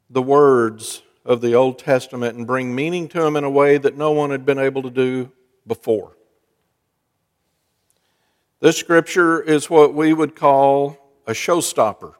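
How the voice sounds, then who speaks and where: A man, a pastor, giving a sermon in a chatty, storytelling way. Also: mid-range voice. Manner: conversational storytelling preacher. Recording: long church reverb.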